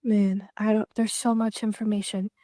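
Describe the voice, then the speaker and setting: Shaken woman, halting and whispery. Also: medium pitch, flat delivery, warm tone, dry recording, clean studio sound. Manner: halting, shaky, slipping into whispers. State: shaken and emotional. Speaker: self-described psychic. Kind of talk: emotional social media clip.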